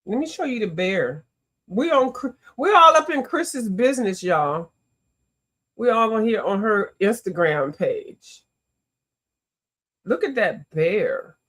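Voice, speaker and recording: A woman chats through a coloring livestream, talking to her viewers as she works. Her voice sits mid-range, and she reacts to the artwork with lively exclamations. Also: mid-range voice, takes it slowly, pauses often. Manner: chatty and animated, greets viewers, often exclaims. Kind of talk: casual livestream chat.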